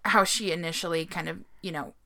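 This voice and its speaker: A woman's voice: lowish voice, fairly even intonation, brisk, gravelly, bright, forceful tone. A woman co-hosting a casual podcast, retelling a story in a chatty way with frequent laughs and the odd swear. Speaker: podcast co-host.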